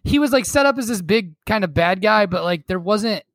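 A young man with a rather high voice co-hosts a relaxed podcast. He jokes around in a wry way and laughs often. The recording is dry and close to the mic. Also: a little fast, no room sound. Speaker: podcast co-host. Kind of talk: casual chat.

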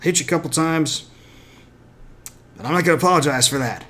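A gruff, blunt karate sensei, as a man retelling a show puts him on, barking orders at his students in a raised voice, pitched well above the speaker's own. He scolds without any softness. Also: a little fast, lightly acted. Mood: gruff scolding.

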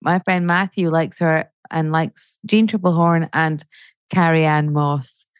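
A woman's voice: low voice, fairly even intonation, a little slow, clear, resonant tone, dry recording. A woman in her forties, a comedian chatting as a podcast guest, swearing freely and ranting with rising energy. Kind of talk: casual chat.

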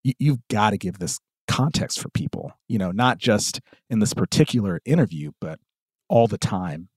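A man's voice: on the low side, expressive, normal speed, slightly rough, no room sound, studio quality. A man with a Southern US accent co-hosting a podcast, reading quotes aloud from articles with plenty of fillers. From American South. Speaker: podcast co-host. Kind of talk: casual discussion podcast.

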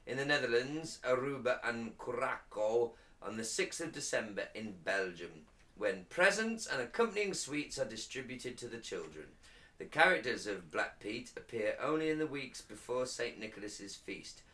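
Man, podcast co-host, lively voice, bright tone, a little far from the mic. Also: mid-range voice, normal speed. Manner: laughs often, stumbles over foreign words. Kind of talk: casual banter, reading notes aloud.

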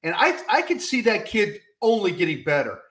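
High-voiced guy chatting football, folksy and emphatic, echoey room. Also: big pitch swings, normal speed, a bit bright. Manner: emphatic, folksy, repeats "I'll tell you what". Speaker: co-host. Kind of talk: casual sports talk. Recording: roomy echo.

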